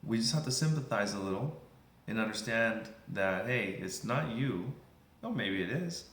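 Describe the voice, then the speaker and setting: A man's voice: fairly low pitch, a bit bright, slight background noise. A man giving a casual, earnest motivational talk in a conversational way, often circling back with the same phrases. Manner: conversational, earnest, repeats "you know what". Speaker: motivational speaker. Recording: roomy echo.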